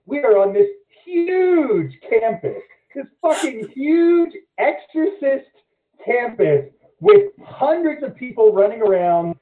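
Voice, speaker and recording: A man telling a story as a podcast guest in casual chat, animated and swearing freely. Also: very high-pitched, takes it slowly. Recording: echoey, phone-like lo-fi audio.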